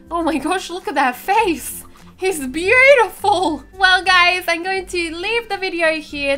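A young woman hosting a gaming video, giving casual commentary as she tours players' builds, bubbly and gushing with frequent gasps of excitement. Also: very high-pitched. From Australia. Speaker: gaming channel host. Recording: light background music.

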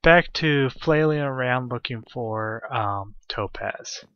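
Man, mid-pitched voice, quiet self-talk while gaming, dull lo-fi recording. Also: takes it slowly, clear, resonant tone, no echo. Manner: quiet mumbling to himself, self-deprecating. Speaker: video game player. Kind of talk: let's play commentary.

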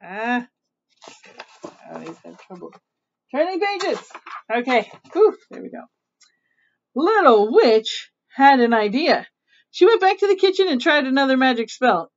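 Reading a picture book aloud in a casual, chatty way, a woman often stops to explain things and laugh. Her high voice has big pitch swings, and she's unhurried with long pauses. The recording is dull and lo-fi.

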